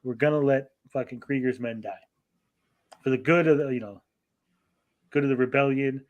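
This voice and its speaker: A man's voice: mid-range voice, muffled recording. A man co-hosting a podcast, casually recapping a TV episode in a profane, rambling way and briefly acting out the characters. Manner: profane, rambling, acts out characters in quick asides. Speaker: podcast co-host.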